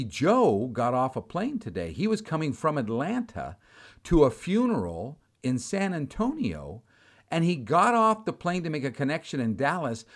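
A man preaching, telling a personal story with animated delivery, acting out the dialogue and repeating words. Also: a little high. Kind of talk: storytelling sermon.

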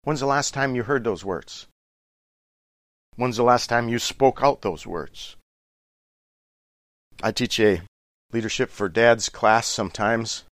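Middle-aged guy giving earnest relationship advice, mid pitched, dry close mic. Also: slow pace, pauses often, fairly bright tone, dry recording. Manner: earnest, personal, coaching. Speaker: relationship speaker. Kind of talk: instructive talk.

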